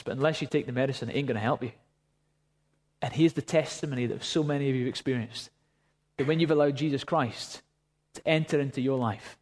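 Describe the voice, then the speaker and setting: A man preaching a sermon, telling a story and then praying fervently. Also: a little high. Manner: storytelling, rising to fervent prayer. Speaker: pastor.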